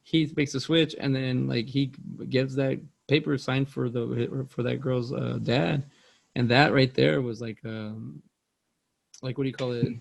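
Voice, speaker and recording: Podcast host, male, gravelly fry in the voice, loose rambling delivery, casual film talk. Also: medium pitch, flat delivery, measured pace. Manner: rambling, loose, says "like" and "dude" a lot. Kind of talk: casual movie chat.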